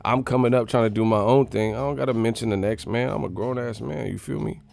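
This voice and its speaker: A man's voice: mid-range voice, fairly even intonation, fast talker, gravelly, darkish tone, faint music behind. A man hosting a boxing channel live stream, ranting in casual, profane, mocking chat.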